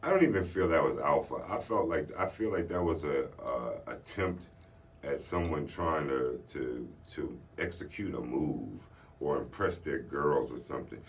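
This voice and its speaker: Male co-host, casual chat, very low gravelly voice, laid-back delivery. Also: lively intonation, moderate pace. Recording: distant mic, faint room noise.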